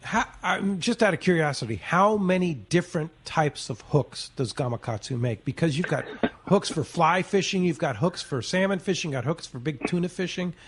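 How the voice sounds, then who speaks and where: Fishing radio host guy, high voice, chatty and upbeat, asks lots of questions. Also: animated, normal speed, few pauses, breathy edge. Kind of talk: casual radio chat.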